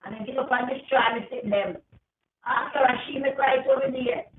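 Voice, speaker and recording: A woman's voice: high voice, sing-song, normal speed, roomy sound, recorded from a distance, phone-quality sound, a little hiss or hum. A woman with a Jamaican accent talking to her viewers in a rambling, repetitive monologue, leaning hard on "man" as she goes. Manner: rambling, repetitive, emphatic, calls everyone "man". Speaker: vlogger. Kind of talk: casual rambling monologue to camera.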